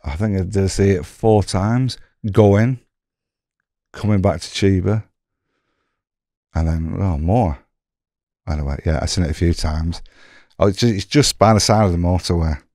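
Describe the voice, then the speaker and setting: A man's voice: sits low, measured pace, pauses often, a little mellow, dry recording, studio quality. A man telling his story as a podcast guest, rambling and swearing freely. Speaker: guest, former prisoner. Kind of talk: casual storytelling.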